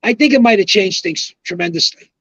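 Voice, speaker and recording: A man with a high voice works his way through his views in a podcast chat, pausing on fillers and starting over. The sound is dry and a little dull, with no room in it. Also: animated, fairly bright tone, dry recording. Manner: rambling, hesitant opinions with fillers. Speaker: retired bowling pro guest.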